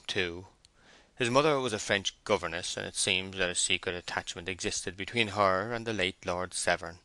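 A man reading the part of a brooding middle-aged gentleman farmer in an audiobook, speaking gravely in a murmur. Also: deep voice, no echo.

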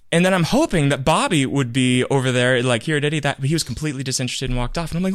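Speaking very fast with hardly a pause, this man co-hosts a podcast and animatedly tells a story in casual chat, performing each quote. His mid-range voice is captured dry and clean, like a studio recording.

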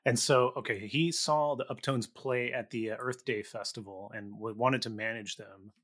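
A man's voice: mid-range voice, fairly even intonation, moderate pace, a bit bright. A man hosting a podcast interview, asking questions and trading stories conversationally. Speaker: podcast host. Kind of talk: casual interview chat.

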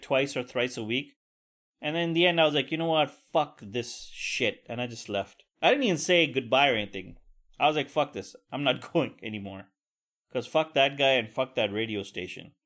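A young podcast host, alone on the mic, rants casually through a meandering story full of profanity and crude asides. His medium-pitched voice is a touch bright and keeps a moderate pace.

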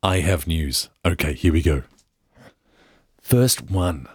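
A low-voiced Australian man hosts a podcast, reading an article with jokey, self-interrupting asides. His tone is slightly husky and swings up and down a lot. The room sound is very dry. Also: expressive, slow pace, no room sound. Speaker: podcast host. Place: indoor room.

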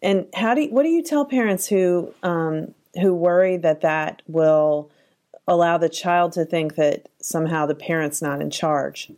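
A woman's voice: on the low side, measured pace, darkish tone. A woman hosting a podcast interview, relating her guest's points to what she sees in her own work and then asking questions. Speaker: podcast host.

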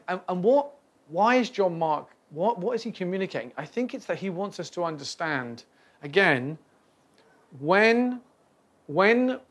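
A man's voice: on the high side, fairly bright tone. A man teaching on the Bible in a casual, reflective way, often restarting his sentences. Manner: conversational, reflective, with many restarts and fillers. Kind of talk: casual Bible study talk.

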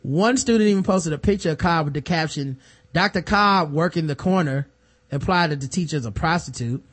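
A man co-hosting a laid-back podcast, talking in an animated, profane way and acting out the people he describes. His voice sits a little higher than most men's. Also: a little fast. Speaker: podcast co-host. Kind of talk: casual chat.

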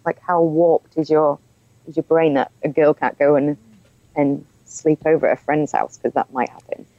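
A woman's voice: low voice, mellow, no room sound, dull audio. A woman telling her own story as an interview guest, candid and frank, often breaking into laughter. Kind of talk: personal storytelling in conversation.

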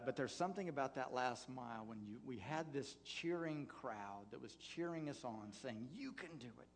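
A man, a pastor, preaching a sermon through a personal story, halting with many fillers and restarts. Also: mid-range voice, a little hiss or hum. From United States.

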